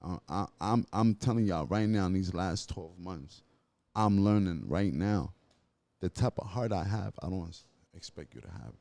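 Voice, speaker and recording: A man's voice: deep voice, expressive, normal speed, dark tone, no echo. A man, a podcast guest telling his life story earnestly, in street slang and with many restarts. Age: 30s. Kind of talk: emotional storytelling.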